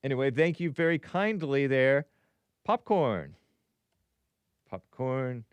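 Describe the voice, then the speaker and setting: A man's voice: on the high side, measured pace, clean tone, no room sound. A man hosting a live call-in stream, musing aloud with frequent chuckles and reading viewer comments.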